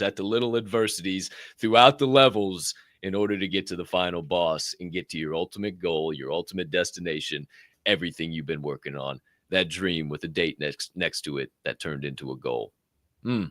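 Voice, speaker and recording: Animated man co-hosting a motivational show. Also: low-pitched, a little fast, dry recording, clean studio sound. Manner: animated, profane, laughs often. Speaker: podcast co-host. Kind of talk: casual motivational chat.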